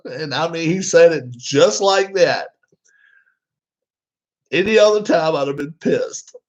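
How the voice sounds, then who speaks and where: A man's voice: fairly high pitch, takes it slowly, pauses often, darkish tone. A man chatting casually to his viewers, rambling, with many fillers and restarts. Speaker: vlogger. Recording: dull lo-fi sound.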